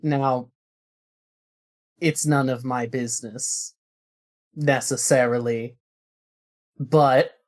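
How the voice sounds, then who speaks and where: Woman player, low unhurried voice, formal in-character speech. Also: fairly even intonation, darkish tone. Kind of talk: playing a character in a tabletop game.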